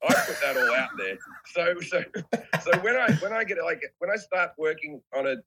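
An Australian man in his forties with a bright, forceful voice and a slightly raised pitch. He chats on a video call, laid-back and self-deprecating, dropping casual swears. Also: animated, normal speed, slightly rough, rough recording. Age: 40s. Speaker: comedian guest. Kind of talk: casual podcast chat.

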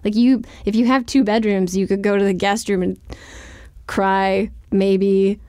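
A woman's voice: medium pitch, flat delivery, measured pace, a little mellow, no echo, studio quality. A woman author speaking as an interview guest, chatty and candid, scattering "like" through her sentences with a wry, self-deprecating humor.

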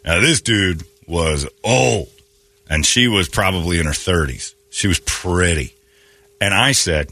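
A man hosting a morning radio show, telling stories in a jokey, animated way. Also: low-pitched, moderate pace. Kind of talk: casual radio banter.

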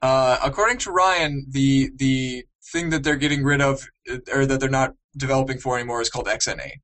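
A man's voice: mid-range voice, steady tone, brisk, a bit bright, low-quality recording. Young man hosting a casual gaming podcast. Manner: rambling, joking, lots of fillers. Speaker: podcast host.

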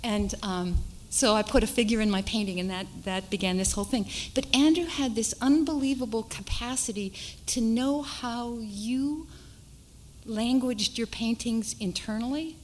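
Animated, halting woman telling a story. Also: fairly high pitch, slight background noise, poor audio. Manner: animated, halting, full of restarts. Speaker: painter on a panel. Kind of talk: personal storytelling. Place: panel discussion at an art school.

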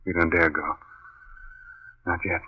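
An awestruck, shaken husband. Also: male voice, sits low, little pitch movement, measured pace, breathy edge. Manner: hushed, awestruck, urgent. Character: shaken husband witnessing a ghostly scene. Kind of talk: 1930s radio drama acting. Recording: dull, faintly hissy old radio recording.

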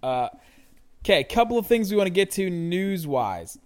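A man's voice: high voice, very animated, normal speed. Chatty male podcast host who laughs often. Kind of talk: casual sports podcast chat. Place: Dallas area.

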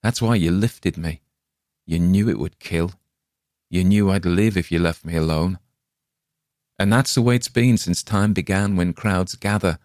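A badly hurt man, frightened and accusing, his voice pushed up high and strained as he pleads and panics, put on by a male storyteller. The recording is close and dry, with no room sound. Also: a little slow, darkish tone, dry recording.

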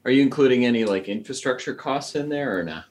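A man's voice: mid-range voice, expressive, quick pace. A man interviewing a guest in a casual, upbeat and encouraging way.

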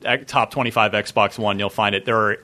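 A man hosting a gaming podcast, talking in an animated, chatty way. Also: fairly low pitch, fairly quick. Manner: animated, chatty, plugs segments. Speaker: podcast host. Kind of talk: casual podcast chat.

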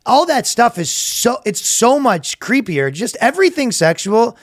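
A man's voice: very high-pitched, big pitch swings, a little slow, no room sound, studio quality. A man co-hosting a casual comedy podcast, crude and playful in his banter. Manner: crude, playful, does mock voices reading posts aloud. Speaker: podcast co-host.

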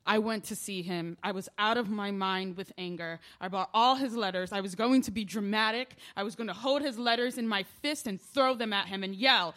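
A woman in a stage play who speaks in a confiding monologue. She rambles with emotional feeling, her voice at a mid pitch. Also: moderate pace, few pauses, a bit bright. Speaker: lead character in a stage play.

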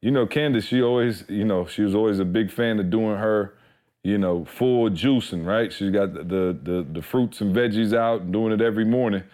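Low-voiced young guy on a podcast, chill and slangy, reading an ad casually. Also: normal speed, warm tone. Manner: laid-back, chatty, slangy. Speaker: podcast co-host. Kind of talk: casual podcast chat with ad read.

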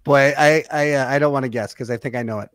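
A man co-hosting a live stream in easygoing, deadpan banter. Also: medium pitch, quick pace, no room sound, studio quality. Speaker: co-host.

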